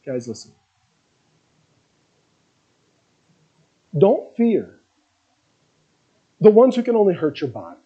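A man voicing Jesus as a calm, gentle figure speaking softly and unhurriedly to his followers. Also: fairly high pitch, slightly rough, dull audio, pitched below the performer's own voice. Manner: soft, hushed and unhurried.

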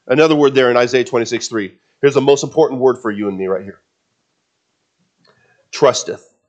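A man preaches a sermon in a medium-pitched voice at a slightly fast clip; he is a pastor. He builds emphasis by repeating words and drops conversational asides to the congregation.

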